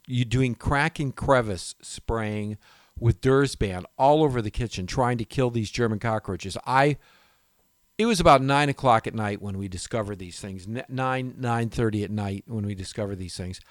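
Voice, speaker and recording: Here a male radio host of a home and garden program shares a casual, rambling story from his own life, breaking off mid-sentence again and again, animated and self-interrupting throughout. His voice sits at medium pitch, captured in studio quality without room sound.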